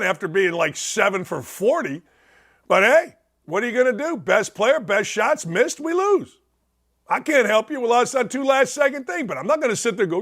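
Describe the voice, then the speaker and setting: A man's voice: sits high, big pitch swings, moderate pace, a bit bright. A middle-aged man hosting a sports talk show, giving a blunt, fired-up monologue full of mocking asides.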